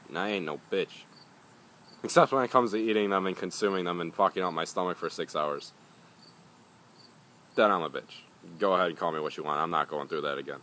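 Rambling, profane young man with a bright voice. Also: low-pitched. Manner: rambling, swears often, grumbling. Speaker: pepper reviewer. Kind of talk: casual vlog talk.

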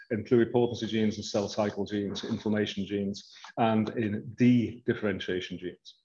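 A man lecturing on research, walking the audience through slides in a measured, hedging way. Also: fairly low pitch, darkish tone, muffled recording. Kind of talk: academic lecture.

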